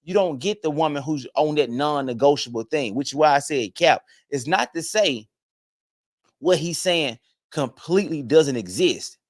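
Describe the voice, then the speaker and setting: A young man speaks straight to his viewers in an emphatic, preachy monologue, often stumbling over repeated words as he builds each point. His voice sits a bit higher than most men's. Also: normal speed. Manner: emphatic, preachy, addresses viewers as fellas and fam. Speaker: online commentator. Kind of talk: direct-to-camera opinion monologue.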